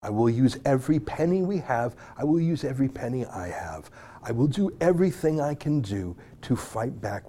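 A man hosting a talk show, giving emotional, pleading commentary that swings from loud declarations to hushed near-whispers. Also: on the low side, breathy edge. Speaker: show host. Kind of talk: impassioned commentary.

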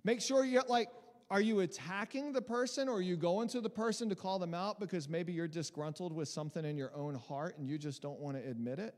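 High-voiced pastor preaching in a reverberant hall. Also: male voice, a little fast. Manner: conversational and animated, with many restarts and mimicking voices. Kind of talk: sermon.

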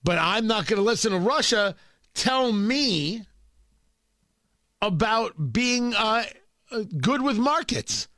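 Male talk host, sarcastic and emphatic opinion delivery, bright, forceful tone. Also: high voice, expressive, takes it slowly, pauses often, dry recording, studio quality. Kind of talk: opinionated political talk commentary.

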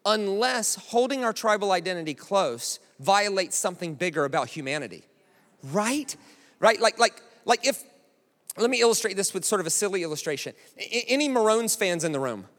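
An American man preaching a sermon in a chatty, animated way, often checking in with the crowd. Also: high voice, moderate pace. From United States. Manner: conversational, animated, keeps asking "right?". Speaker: pastor. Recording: long hall reverb.

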